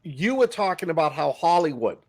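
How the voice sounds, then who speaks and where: Middle-aged male podcast co-host, fairly high voice, lively storyteller. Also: fairly quick, slight background noise. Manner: animated anecdote-teller, acts out quotes. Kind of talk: casual storytelling chat.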